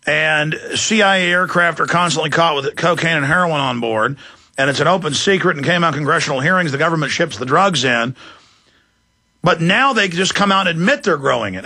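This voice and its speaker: A man hosting a live talk radio show, ranting fiercely and shouting at times. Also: fairly high pitch.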